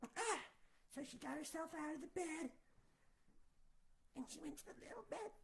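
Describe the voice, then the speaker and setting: A woman's voice: high-pitched, animated, moderate pace, vocal fry, slight background noise. A woman telling a children's story comically, rambling with sarcastic asides.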